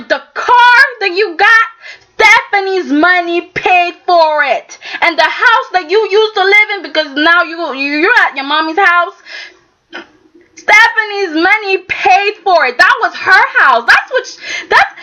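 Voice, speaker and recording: Fired up woman ranting about her soap, bright sharp voice, keeps going "okay?". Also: very high voice. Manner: emphatic, exasperated, keeps asking "okay?". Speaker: soap opera reviewer. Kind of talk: casual opinionated review. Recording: dull lo-fi sound.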